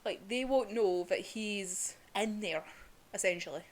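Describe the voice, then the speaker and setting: A woman's voice: medium pitch, unhurried. A young woman giving a casual, emotional review of a manga, chatty, full of "like" and the odd swear word.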